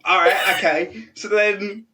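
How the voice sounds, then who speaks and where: A young British man telling funny stories in a relaxed chat, laughing and acting out what people said. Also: high-pitched, slow, very noisy. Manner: chatty, laughing storyteller, full of fillers and quoted voices. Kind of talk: casual anecdote telling. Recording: voice a bit distant from the mic.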